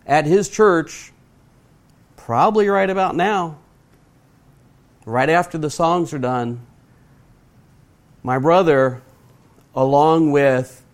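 Middle-aged male preacher, sermon delivery, earnest and emphatic, slightly raised pitch. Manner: earnest, emphatic, speaks slowly to stress points; asks the audience direct questions.

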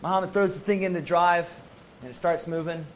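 American man, former Marine, slightly high voice, emphatic testimony storyteller. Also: brisk, slight background noise, rough recording. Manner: animated, emphatic storytelling with casual slang. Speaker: former Marine medic telling his story. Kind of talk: personal testimony to an audience.

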